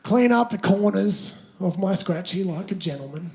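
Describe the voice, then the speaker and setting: A man's voice: high-pitched, lively intonation, normal speed, gravelly, a little mellow. A man playing a crude, brash young Australian bloke on stage, swearing a lot and laughing at his own jokes. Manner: sweary, blustering, breaks to laugh. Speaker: stand-up comedian in character. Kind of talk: stand-up character storytelling. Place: theatre stage.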